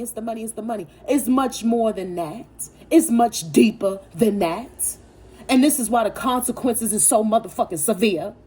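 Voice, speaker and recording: A woman gives a tarot reading in a mellow, slightly husky voice. She talks bluntly and swears freely. She preaches hard and repeats lines for punch. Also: mid-range voice. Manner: emphatic, preachy, repeats phrases for effect; profane and blunt. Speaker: tarot reader. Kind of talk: casual spiritual tarot reading.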